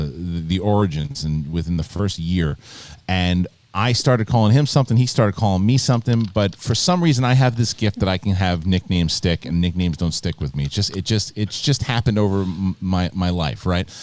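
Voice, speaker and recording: With a deep voice and moderate pace, a man hosts a live video podcast. He spins his stories in an animated, casual, meandering way, restarting many times.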